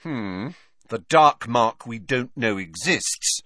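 A clever teenage girl witch from a storybook, brisk and serious, spoken well above the reader's natural pitch by a man. She lectures precisely, with lively movement in the voice and a dry, close sound. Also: dry recording, full character voice. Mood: doubtful.

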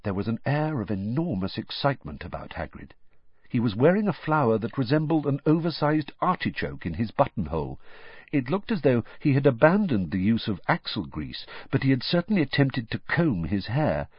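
A man narrating an audiobook with expressive, varied storytelling. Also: medium pitch, normal speed, husky, no echo. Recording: dull, dry lo-fi recording.

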